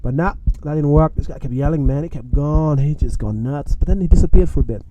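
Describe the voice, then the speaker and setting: A young man telling a story from his own life in a casual, animated way, with slang and frequent chuckles. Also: a little high, a little fast, dull audio, background noise.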